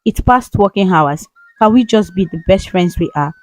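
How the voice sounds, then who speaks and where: A woman's voice: mid-range voice, animated, moderate pace, a little mellow, close to an everyday voice. Sylvester, a woman voicing a flustered young male boss. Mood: exasperated. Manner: flustered and impatient.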